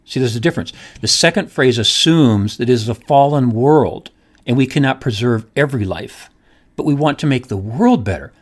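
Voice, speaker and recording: Middle-aged male host, animated delivery, emphatic with rhetorical questions. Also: mid-range voice, moderate pace. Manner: emphatic, repeats points, asks rhetorical questions. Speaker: podcast host, economist. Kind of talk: solo podcast monologue.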